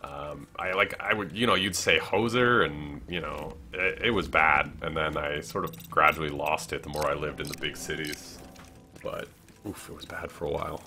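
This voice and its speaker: Low-voiced chatty Canadian streamer man. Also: fairly even intonation, normal speed, sharp tone, a little hiss or hum. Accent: subtle Canadian. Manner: rambling, chatty, many fillers and self-corrections. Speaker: livestreamer. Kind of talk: casual gaming livestream chat, reading chat aloud.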